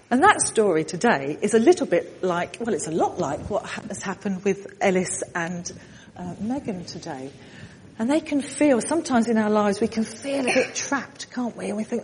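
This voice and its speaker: Woman storyteller for a church congregation, high bright pitch, lively and directive, long hall reverb with faint noise. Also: moderate pace. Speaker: children's talk leader. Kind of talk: storytelling with audience participation.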